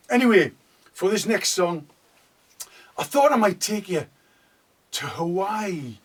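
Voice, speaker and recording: A man who hosts a comedy show, telling deadpan jokes and leaving pauses for laughs. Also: on the high side, slightly rough, far from the mic. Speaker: comedian and singer. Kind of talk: comic patter and singing.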